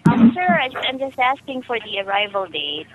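Polite reservations lady, muffled phone, slightly high. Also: very animated, normal speed, slight background noise. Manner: polite, patient. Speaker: hotel reservations clerk.

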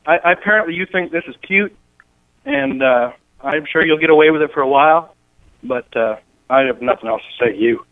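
A man's voice: on the high side, a little fast, no room sound. A man on a phone call, angry and swearing at the caller. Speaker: prank call victim. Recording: tinny phone line.

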